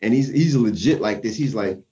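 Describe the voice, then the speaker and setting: A man casually telling a tense personal story, acting out his own quotes with lively shifts. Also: medium pitch, fairly quick, recorded from a distance.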